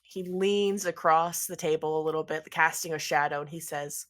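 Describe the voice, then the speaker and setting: A woman's voice: low voice, steady tone, normal speed. A woman narrating as game master in a tabletop game, casual and full of ums. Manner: casual, filler-heavy narration with many ums.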